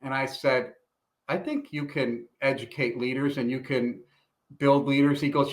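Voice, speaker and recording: A man's voice: medium pitch, a little slow. A middle-aged man, a retired police chief from Illinois, telling stories in a casual interview and acting out the voices of the people in them. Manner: animated storyteller, acts out quoted dialogue.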